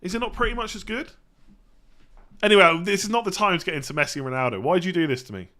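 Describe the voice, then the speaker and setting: Brief: male streamer, slightly high and bright, rambling casual Q&A, frequent throat-clearing. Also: fast. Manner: chatty, self-correcting, clears throat often. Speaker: fantasy football streamer.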